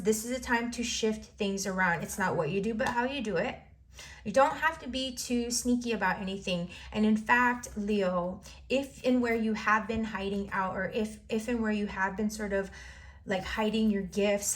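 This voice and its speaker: A woman's voice: mid-range voice, fairly bright tone. Lady doing a tarot reading, encouraging, kinda rambly, repeats herself a lot. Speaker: tarot reader.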